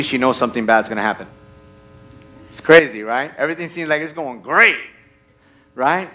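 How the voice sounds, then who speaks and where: A man preaching a sermon as a lively story, acting out voices and checking in with the audience. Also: medium pitch, a little fast. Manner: animated, acts out voices in his stories.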